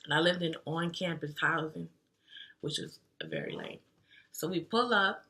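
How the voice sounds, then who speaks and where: A woman's voice: deep voice, huge pitch swings, measured pace, creaky, pushed and bright. A young woman telling a story in a casual, slangy, chatty way to her vlog audience. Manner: slangy and chatty, with lots of fillers like "like". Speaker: vlogger.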